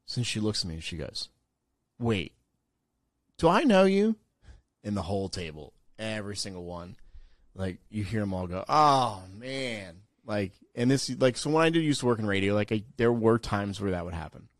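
A man's voice: lowish voice, fast, dry recording. A man co-hosting a podcast, telling a long casual anecdote with lots of fillers and some swearing. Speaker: podcast co-host and former radio DJ. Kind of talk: casual chat, storytelling.

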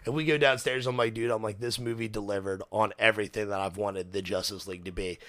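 A man's voice: on the low side, fairly even intonation, fast, a bit bright, dry recording. A young man hosting a podcast, chatting casually and animatedly, swearing often and acting out quotes. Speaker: podcast host. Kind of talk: casual chat.

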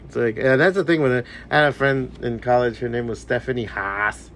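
A man's voice: mid-range voice, a little fast, a little hiss or hum. Swearing, laughing man hosting a podcast. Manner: laughs often, swears freely, animated storytelling. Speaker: podcast host. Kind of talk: casual profane chat.

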